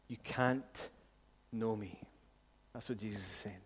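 A man preaching a sermon, earnest and deliberate, dropping low and quiet to stress a point. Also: steady tone, slightly rough, big-room sound. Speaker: pastor.

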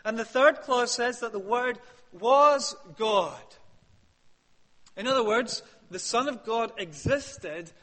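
A man preaching a sermon, emphatic, rising to loud peaks and dropping to hushed questions. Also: very high-pitched, slow. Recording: long hall reverb.

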